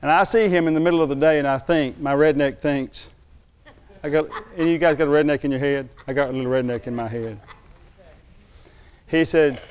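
A man's voice: a little high, clean tone. Older man preaching with a storytelling flow. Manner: storytelling, slows down for emphasis, drops to a hushed tone when moved. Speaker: pastor. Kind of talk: sermon.

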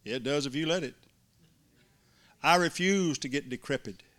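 A man's voice: a little high, normal speed, fairly bright tone. A male preacher, delivering an emphatic sermon to a congregation and mimicking complainers in little voices. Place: church before a congregation.

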